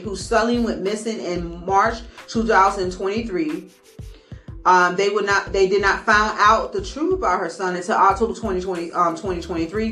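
A woman hosting a commentary show, reading a news story haltingly and breaking off to vent her anger. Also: mid-range voice, fairly bright tone. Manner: reads haltingly with stumbles, breaks off to vent angrily. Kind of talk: casual commentary over a news article. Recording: echoey room with faint music.

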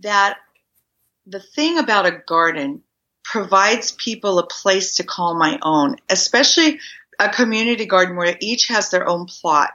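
Woman, bright voice, animated storyteller, interview guest, slightly dull sound. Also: mid-range voice, measured pace. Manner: animated storyteller acting out quoted dialogue. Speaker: guest, community garden minister.

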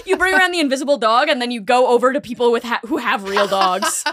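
A young woman co-hosting a podcast, chatting casually, swearing and acting out bits in loud animated voices. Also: on the high side, fast, background noise. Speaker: podcast co-host. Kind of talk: casual comedic chat.

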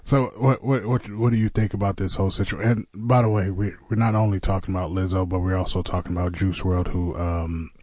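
A man hosts a casual talk show in a fairly low voice, dropping fillers as he goes. He jokes easily with his guests. The sound is dry and close. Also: a little fast, hardly any pauses, no echo. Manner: relaxed, joking, hesitant with many fillers. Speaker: podcast host. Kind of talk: casual chat.

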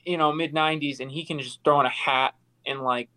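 Male co-host, casual chat, animated storyteller who plays out quotes. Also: fairly high pitch, fairly quick, rough recording. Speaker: podcast co-host.

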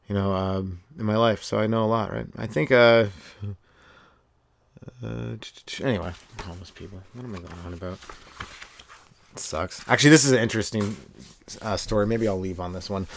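A young man hosting a solo comedy podcast from his trailer, rambling between riffs and popping into quick silly voices. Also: lowish voice, no echo, studio quality. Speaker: stand-up comedian, podcast host.

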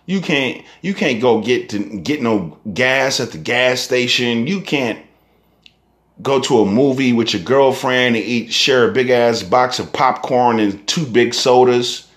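A man's voice: medium pitch, a little slow, fairly bright tone. A young man, a rapper delivering a heated, profane ranting monologue full of rhetorical questions. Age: young adult.

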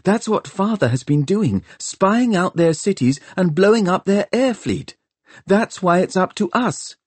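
A distraught young woman, voiced by a male storyteller, earnest and tearful but set on acting. The voice is lifted well above his own into a lively, pleading lilt. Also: sits high, measured pace, breathy edge, no echo, voice pushed up, exaggerated voice. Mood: determined.

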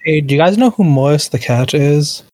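A man's voice: fairly high pitch, normal speed, no room sound. Dry-sounding man in casual book chat. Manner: rambling, animated retelling of scenes. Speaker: book club podcast co-host.

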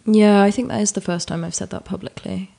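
A non-binary guest on a podcast in casual chat, candid and expressive, swearing freely. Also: medium pitch, a little fast, gravelly.

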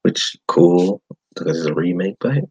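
Husky low-voiced man ranting about movies. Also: unhurried, rough recording. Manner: animated, blunt, swears often. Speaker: podcast host. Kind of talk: casual movie-review monologue.

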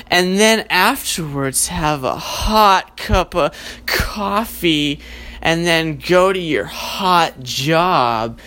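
A man voicing a flirtatious female alarm clock that speaks slowly and teasingly. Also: high voice, bright, forceful tone, full character voice. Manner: slow, teasing, drawn out.

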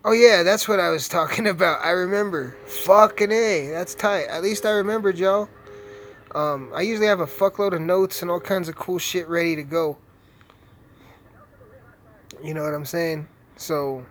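Young male streamer, foul-mouthed trash-talker, a bit high-pitched, loose rambling commentary. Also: normal speed, a bit bright, slight background noise, low-quality recording. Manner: profane, rambling, trash-talking. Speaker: gaming streamer. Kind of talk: casual gameplay commentary.

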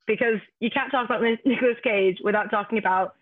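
A woman's voice: on the high side, fast, crowd noise. Chatty woman, giggly podcaster. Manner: chatty, laughs often, restarts phrases. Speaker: podcast co-host. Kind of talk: casual chat. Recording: dull lo-fi podcast audio.

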